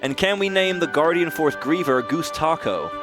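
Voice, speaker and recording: A man's voice: on the high side, expressive, moderate pace. A man hosting a live speedrun stream, reading out donation messages in a friendly, self-mocking way. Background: game music.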